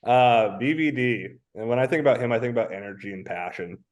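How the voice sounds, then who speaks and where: A man in his thirties from Washington State, a high school football coach telling stories as a podcast guest. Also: fast talker, a little mellow. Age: 30s. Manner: reflective, anecdotal, many "um" fillers. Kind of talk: casual podcast interview.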